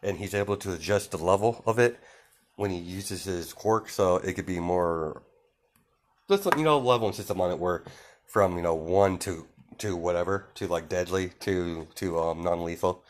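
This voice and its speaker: Halting low-voiced young man rambling a story. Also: slight background noise. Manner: rambling, halting, many fillers and restarts. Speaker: fan storyteller. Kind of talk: improvised spoken fan story.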